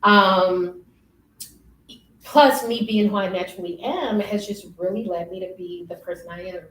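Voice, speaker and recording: A young woman telling stories in a casual interview, lively and often laughing. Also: mid-range voice, moderate pace. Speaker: interview guest. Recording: roomy, distant, faint noise.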